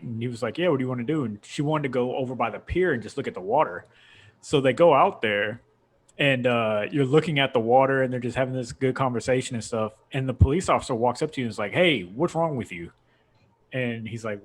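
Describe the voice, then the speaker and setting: A young man hosting a casual podcast, rambling through a long story with frequent laughs. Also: mid-range voice. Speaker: podcast host. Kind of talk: casual chat.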